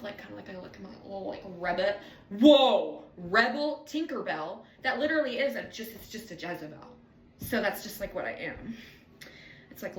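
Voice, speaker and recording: A woman's voice: mid-range voice, fairly bright tone, recorded from a distance, slight background noise. Woman, casual rambling vlogger, salty and self-mocking, echoey room sound. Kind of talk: casual rambling monologue to camera.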